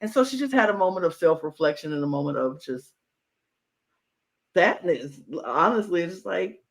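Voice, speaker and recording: Male podcast co-host, slightly high and gravelly voice, animated, playful casual recap. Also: moderate pace. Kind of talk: casual chat.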